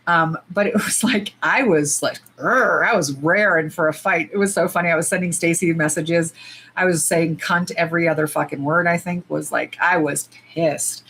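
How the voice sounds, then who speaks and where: A woman's voice: fairly low pitch, fairly even intonation, moderate pace, fairly bright tone, slight background noise, rough recording. A woman from the US, chatting casually and animatedly on a nail-swatching livestream, cursing freely and saying y'all. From United States.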